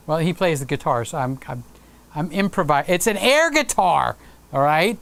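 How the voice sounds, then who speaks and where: A man's voice: fairly high pitch, animated, moderate pace, gravelly, a bit bright. A man hosting a live stream, chatting casually and playfully with viewers and reading out their comments. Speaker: livestream host.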